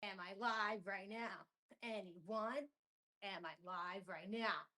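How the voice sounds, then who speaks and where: A woman's voice: medium pitch, slow pace, sharp tone. A woman hosting her first live stream, nervous and bubbly, chatting to viewers and repeating herself, with some echo from an unattached mic. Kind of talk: casual live stream chat. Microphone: camera or built-in mic, mic not attached. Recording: echoey room sound from a detached mic.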